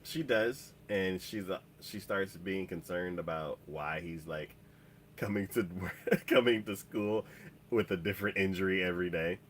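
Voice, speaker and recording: Rambling man with a bright voice. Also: low voice, measured pace, slight background noise. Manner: rambling, heavy on "like" and "um". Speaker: podcast co-host. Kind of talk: casual chat, recapping an episode.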